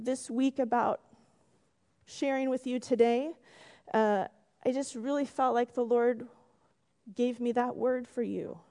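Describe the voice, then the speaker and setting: A woman preaching a gentle sermon to her congregation, telling a story and closing in prayer, sometimes dropping to a whisper. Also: a little high. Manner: gentle, drops to a whisper for emphasis. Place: church sanctuary. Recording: long reverb in a church hall.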